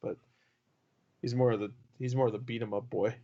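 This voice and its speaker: A man's voice: mid-range voice, steady tone, fairly quick, creaky. A man riffing on a gaming podcast, loose and profane. His voice sits mid-range and comes through a bit dull and lo-fi. The talk is casual banter among friends. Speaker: podcast co-host.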